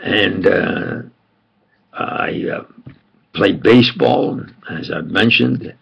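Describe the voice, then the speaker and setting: Gravelly elderly New York man. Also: on the low side, very slow, a bit bright, rough recording. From New York, USA. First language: Italian. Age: older. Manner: meandering, repeats himself, chuckles while reminiscing. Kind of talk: rambling personal monologue.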